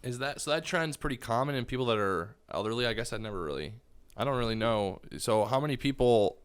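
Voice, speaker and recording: A man's voice: mid-range voice, animated, fast talker, clean tone. A man hosting a casual podcast interview, asking curious, short follow-up questions. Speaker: podcast host.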